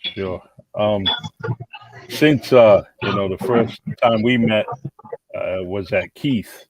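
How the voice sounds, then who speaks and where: A man's voice: on the low side, slow, no echo. Easygoing male podcast host. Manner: friendly, easygoing, hesitant with fillers. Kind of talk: casual interview chat. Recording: lo-fi audio with crowd noise behind.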